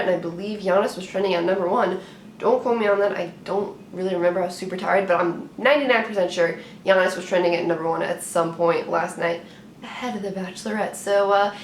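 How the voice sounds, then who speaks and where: A woman's voice: fairly low pitch, slight background noise. Chatty young woman vlogging in a roomy space. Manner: chatty, playful, rambling with restarts. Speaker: sports vlogger. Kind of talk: casual talk to camera. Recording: roomy echo with faint ambience.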